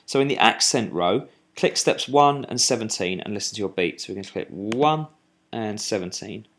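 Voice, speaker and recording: A man's voice: fairly low pitch, expressive, fairly bright tone, slight background noise. Man walking through a drum sequencer. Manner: talks while clicking, halting with fillers and restarts. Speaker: music software instructor. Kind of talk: screen-recorded software tutorial.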